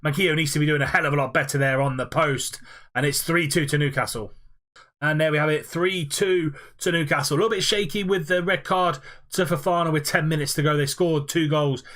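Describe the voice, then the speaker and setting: A young man giving play-by-play football commentary over his own video game matches, quick and fluent with frequent "uh" fillers. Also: on the high side, fairly bright tone.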